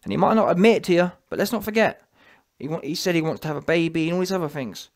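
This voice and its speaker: A man's voice: fairly high pitch, animated, racing. A man delivering a mocking rant to camera, who keeps asking his audience "yeah?" for agreement. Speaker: vlogger. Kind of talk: ranting monologue to camera.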